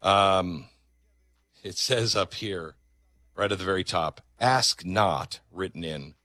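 A man hosting a talk radio show, ranting in an animated and sarcastic way. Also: sits low, slow, dry recording. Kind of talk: opinionated talk radio monologue.

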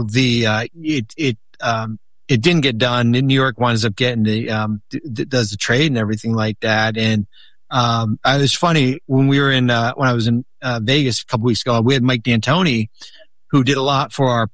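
A man's voice: mid-range voice, normal speed, no room sound. Rambling man telling old deal stories. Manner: rambling, many restarts, animated when quoting. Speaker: guest, former basketball executive. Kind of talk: casual storytelling chat.

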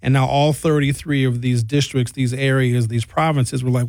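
A man's voice: mid-range voice, little pitch movement, moderate pace, darkish tone, no room sound. A man giving a blunt, sarcastic comedic political rant.

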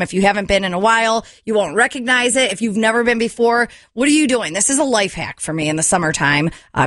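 A woman hosting a radio show in a casual, animated, upbeat way. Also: lowish voice, no room sound, clean studio sound.

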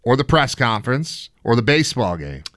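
Man, sports talk co-host, animated, argumentative, lively pitch, dry sound. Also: fairly quick, no room sound. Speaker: podcast co-host.

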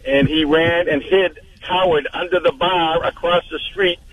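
A man's voice: fairly high pitch, steady tone, measured pace, recorded from a distance, narrow, tinny audio. A man calling into a radio show, passing along gossipy anecdotes with a chuckle. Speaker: caller. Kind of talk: call-in radio chat.

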